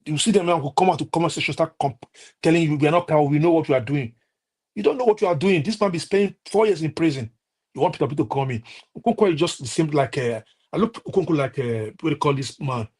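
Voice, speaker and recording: A man with a Nigerian accent giving heated political commentary on a live stream, scolding and halting with many restarts. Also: fairly high pitch, lively intonation, a little mellow, slightly rough.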